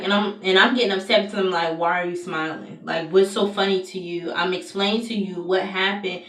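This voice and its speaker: A young woman speaks candidly in a personal vlog, pausing on fillers and restarting her sentences. Her voice sits a little low and carries the ring of a bare room. She talks from some distance away from the mic. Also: echoey room. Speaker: vlogger.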